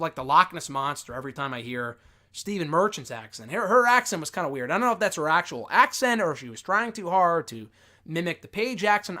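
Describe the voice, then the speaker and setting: Man, casual spoken review, lively rising and falling pitch, bright forceful tone, swears a lot, getting over a cold. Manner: rambling, profane, lots of fillers and restarts. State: recovering from a cold. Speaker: wrestling show host reviewing a film.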